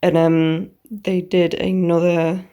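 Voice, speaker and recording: A woman's voice: lowish voice, level tone, slow pace, dark tone, smooth. A young woman casually recapping a novel for her reading vlog, chatty and swearing freely, often dropping into a whisper. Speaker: book vlogger.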